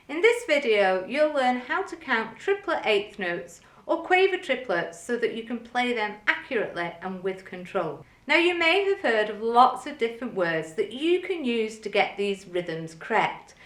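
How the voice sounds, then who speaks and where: A woman teaching music, explaining things clearly and methodically and counting rhythms aloud. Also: on the high side, fairly bright tone, roomy sound. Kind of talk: instructional video lesson.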